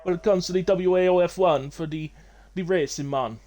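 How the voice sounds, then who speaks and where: A breezy racing fan drawling in a put-on Jamaican accent, as a man does the voice on a live stream. The tone is jokey and loose, the words stretched out, the pitch sitting higher than a plain speaking voice. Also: fairly quick, a little mellow, natural voice. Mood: playful.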